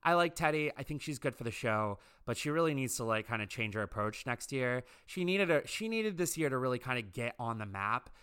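A man's voice: medium pitch, lively intonation, fairly quick, few pauses, a bit bright, clean tone. A man giving a casual, gossipy, opinionated commentary on a reality TV show.

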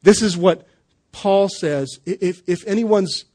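A pastor with a high-pitched, warm voice preaches slowly at a church service. His sermon is loose and conversational, full of jokes, fillers, and restarts.

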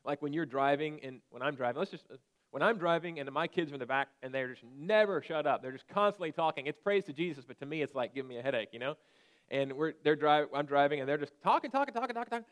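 A man in his thirties preaching a conversational sermon and at times breaking into sharp shouted commands. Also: fairly high pitch, fast. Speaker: pastor.

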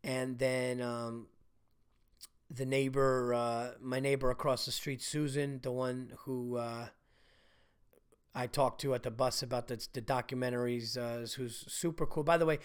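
A man's voice: mid-range voice, fairly even intonation, measured pace, clear, resonant tone. A middle-aged man hosting a podcast, telling profane, self-mocking stories in a rambling casual monologue. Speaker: podcast host.

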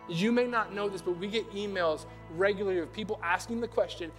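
Young male pastor with a high voice, chatty sermon, animated asides. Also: brisk, soft background music. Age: young adult. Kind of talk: casual conversational sermon.

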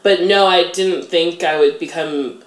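A woman in her thirties talks through an interview in a loose, chatty way, peppering everything with "like" and poking fun at herself. Her voice sits a little low, and the room around her is echoey. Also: measured pace. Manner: chatty, self-deprecating, heavy use of "like". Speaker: interview guest. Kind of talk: casual interview chat.

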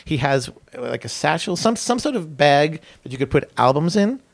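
A man telling an excitable, rambling story as a comedian on stage, often restarting his sentences. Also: on the high side, normal speed, creaky, dry recording. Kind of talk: animated storytelling. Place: stage in front of an audience.

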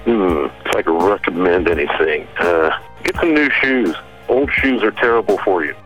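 A man with a very low voice answers interview questions in a relaxed, joking way. His pitch swings widely as he talks, and he laughs easily. Faint music plays underneath. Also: normal speed, low-quality recording. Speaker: musician guest. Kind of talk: casual interview.

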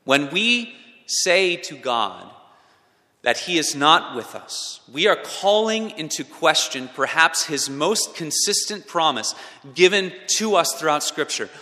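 Male preacher, sermon delivery, slightly high and bright, dynamic swings from loud to hushed, church reverb. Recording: long reverb of a large hall.

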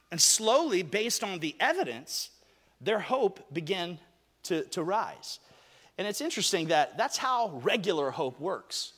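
A man preaches from the pulpit in a high, ringing voice. He tells his story in a loose, chatty way before building into emphatic preaching. His words hang in the long reverb of a church hall. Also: a bit bright. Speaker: pastor. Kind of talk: sermon opening with a personal story. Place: church sanctuary.

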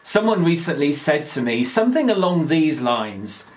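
A man giving a daily devotional talk, reading scripture aloud in a slow, earnest, measured way. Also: on the high side, big pitch swings.

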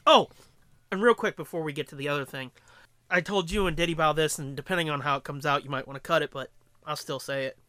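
A man co-hosting a podcast, telling a casual, profane story in an animated way. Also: a little high, quick pace, clear, resonant tone, no echo, studio quality. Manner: animated, profane storyteller doing voices in quotes. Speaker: podcast co-host. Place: podcast studio. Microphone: studio mic up close.

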